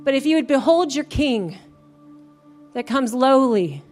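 A woman's voice: high voice, lively intonation, a little slow, a little mellow, soft background music. A woman pastor preaching a sermon in a church, building to fervent, emphatic calls to praise. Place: church sanctuary.

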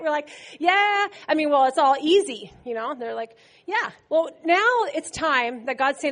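A middle-aged woman preaching a sermon, telling the story in an animated way and acting out quotes with laughter. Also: high voice, normal speed.

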